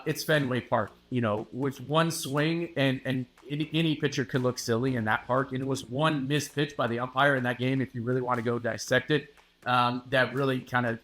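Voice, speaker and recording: A male sports reporter guests on a casual podcast chat. His voice sits in a middle pitch. He lays out his views in a measured, confident way with steady emphasis.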